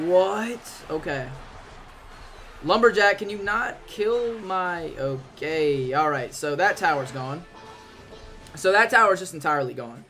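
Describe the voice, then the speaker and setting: Excitable young man streaming gameplay. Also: fairly high pitch. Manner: excitable, slangy, sudden loud outbursts. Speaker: live streamer. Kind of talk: live gameplay commentary.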